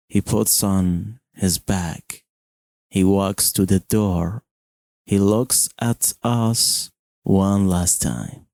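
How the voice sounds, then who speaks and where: Very slow American man narrating a story. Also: low voice, a little mellow, no echo, clean studio sound. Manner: very slow, clear and simple phrasing.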